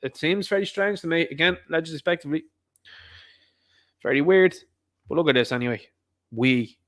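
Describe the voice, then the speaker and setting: A man's voice: a little high, brisk, a bit bright. A man hosting a livestream, with rambling commentary full of repeated asides. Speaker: livestream host.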